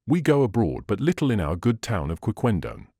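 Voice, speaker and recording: A man's voice: lowish voice, very animated, a little fast, dark tone, no echo, studio quality. A man reading the part of a pompous, impatient middle-aged burgomaster in an audiobook, speaking emphatically and indignantly. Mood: measured.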